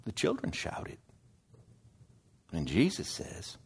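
A man preaching a sermon, slow and deliberate, swinging between loud emphasis and hushed asides. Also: sits low, wildly swooping pitch, breathy edge.

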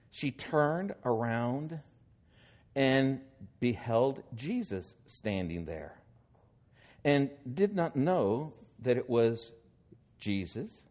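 A man's voice: medium pitch, darkish tone. A man preaching a sermon, reading scripture aloud and then explaining it with growing emphasis.

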